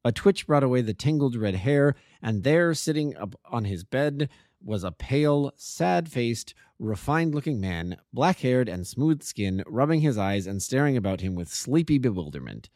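A man, an amateur narrator, reading a classic detective story with measured, expressive storytelling. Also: medium pitch, no room sound, studio quality.

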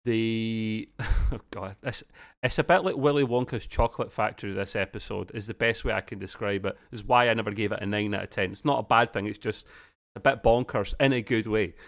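A man co-hosting a podcast, rambling through a casual TV episode review with frequent restarts. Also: fairly low pitch. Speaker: podcast co-host.

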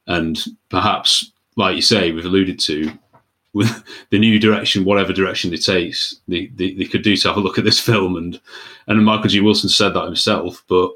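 A man's voice: deep voice, fairly bright tone, slightly rough. A man co-hosting a film podcast, chatting casually and self-deprecatingly and laughing often. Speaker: podcast co-host.

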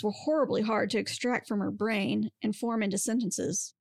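A woman podcast host reading a monster romance story aloud with steady, expressive narration. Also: medium pitch, moderate pace, gravelly, hardly any pauses, dry recording, studio quality.

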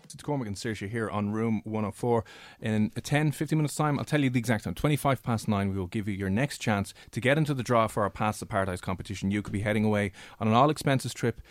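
A man with an Irish accent hosting a radio show, telling stories in a quick, joking way. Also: on the low side, no echo, studio quality. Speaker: radio host. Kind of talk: casual radio chat.

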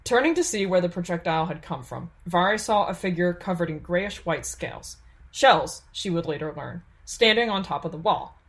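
A woman reads a fantasy audiobook in a steady, measured storytelling voice. Her voice sits fairly low for a woman, and she keeps an even, unhurried pace through the narration.

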